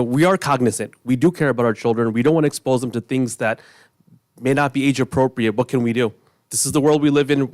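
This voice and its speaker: A middle-aged man giving an earnest, emotional public comment at a village board meeting, speaking with halting restarts. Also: mid-range voice, no room sound, studio quality.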